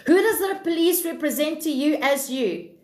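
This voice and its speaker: A woman hosting a self-help livestream with a high voice, blunt and preachy and swearing freely as she reads out comments. Her voice rings in an echoey room. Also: expressive, moderate pace. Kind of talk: livestream talk reading comments.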